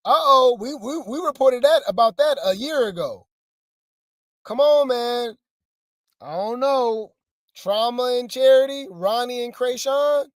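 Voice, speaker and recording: A woman's voice: on the high side, expressive, measured pace, no room sound, studio quality. A woman hosting a celebrity gossip channel, chatting wryly and straight to her viewers. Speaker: gossip news commentator. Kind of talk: casual gossip commentary.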